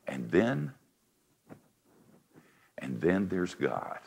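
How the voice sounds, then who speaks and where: An older man with a deep voice preaching a confessional sermon, swinging between forceful lines and hushed ones. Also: sing-song, slow pace.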